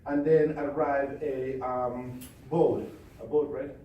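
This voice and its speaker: Commanding male seminar trainer, forceful storyteller, distant echoey hall. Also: medium pitch, flat delivery, takes it slowly, muffled recording, slight background noise.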